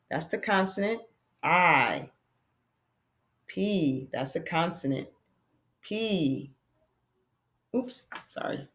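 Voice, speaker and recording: Woman teacher, kinda low voice, patient and upbeat, talks kids through the lesson step by step. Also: fairly bright tone, a little hiss or hum. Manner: patient, encouraging, calls the viewers friends, slows down to spell out sounds. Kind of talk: classroom lesson to young learners.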